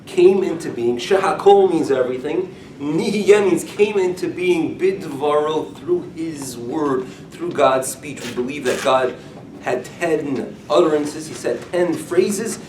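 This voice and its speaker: A man gives a relaxed talk as a rabbi, spinning stories with animated humor. His voice sits a bit on the high side and comes from some distance, in a roomy, echoing space with a faint hum of ambience. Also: unhurried. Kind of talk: informal talk to a group. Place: room with curtains. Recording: echoey room, mic from far off.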